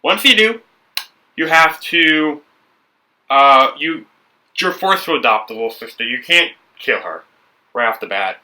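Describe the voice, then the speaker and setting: Young man, casual rambling talk, slightly high voice, set back from the mic. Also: lively intonation, unhurried, pauses often, pushed and bright, recorded from a distance, rough recording. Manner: rambling, self-correcting, upbeat. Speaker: brick builder and video host. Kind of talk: casual talk while building.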